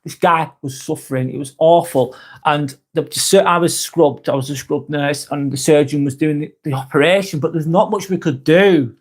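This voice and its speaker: Hosting a live vlog, a man with a fairly high voice talks at a moderate pace with few pauses. He's frank, earnest and sympathetic in this casual stream chat, swearing often and restarting his sentences.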